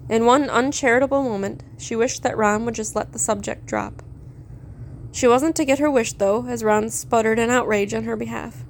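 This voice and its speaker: A woman's voice: on the high side, normal speed, a little hiss or hum. Woman reading a story aloud. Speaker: fan fiction reader. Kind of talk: storybook narration.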